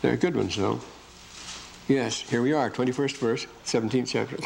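A man giving an unscripted lecture on scripture, often losing his place, correcting himself and reading verses aloud with slow emphasis. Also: mid-range voice, expressive, gravelly, a little hiss or hum, poor audio.

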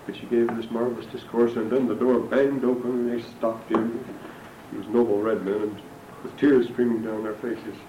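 The older man lecturing on scripture has a mid-range voice, a flat delivery, and a normal speed, and the audio sounds dull. As a religion lecturer, he digresses often, telling anecdotes with dry humor. The room is roomy, the mic distant, and background noise is present.

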